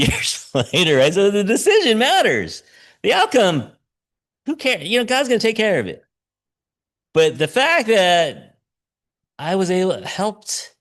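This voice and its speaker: A man in his fifties delivers a sermon as a personal story, laughing often and stopping to correct himself mid-sentence. His pitch swings widely from high to low, which keeps the telling lively. He sounds like he is talking to his congregation rather than reading to them. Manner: conversational storytelling with frequent laughs and self-corrections. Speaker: pastor. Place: church sanctuary.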